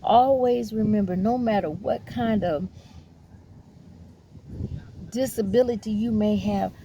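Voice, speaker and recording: Speaking slowly at a medium pitch, a woman vlogger delivers a casual talking-to-camera monologue with background noise audible. She sounds earnest and encouraging, addresses listeners as honey and baby, and rambles repetitively with plenty of fillers.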